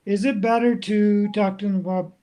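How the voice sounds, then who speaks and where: A man's voice: sits high, steady tone, normal speed, mellow. A man on a video call asking a hesitant question.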